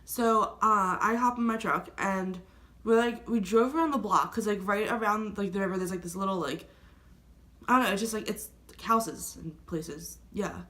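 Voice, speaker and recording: A woman's voice: mid-range voice, normal speed, bright, forceful tone. A young woman vlogger telling a story in a rambling, casual way, filling nearly every phrase with "like". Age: young adult. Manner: rambling, filler-heavy with constant "like".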